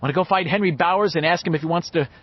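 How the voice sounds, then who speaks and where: A man voicing an excitable, boisterous young teenage boy who clowns loudly in a raised voice. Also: on the high side, racing, dull audio, voice pushed up, close to an everyday voice. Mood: joking. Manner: loud exuberant clowning.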